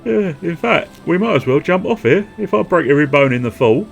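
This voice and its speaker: A man's voice: on the high side, animated, brisk, vocal fry, soft background music, voice pushed up. A man voicing a cheerful young undead soldier, eager and full of bony puns. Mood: chirpy.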